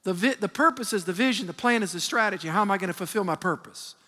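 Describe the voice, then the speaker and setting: A man in his fifties, a pastor preaching a sermon with call-and-response and animated storytelling. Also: sits high, fast. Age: 50s. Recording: long reverb of a large hall.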